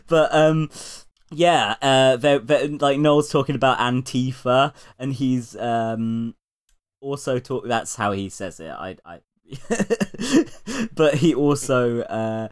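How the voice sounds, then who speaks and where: A man co-hosting a podcast, chatting casually, swearing a lot and breaking into laughter as he retells stories. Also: medium pitch. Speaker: podcast co-host. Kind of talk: casual chat.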